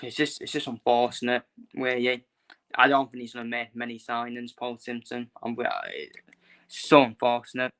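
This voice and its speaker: A man's voice: mid-range voice, normal speed, fairly bright tone, smooth. A young man ranting casually in his own vlog, frustrated and blunt, repeating himself and swearing. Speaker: football fan vlogger. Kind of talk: casual opinion rant.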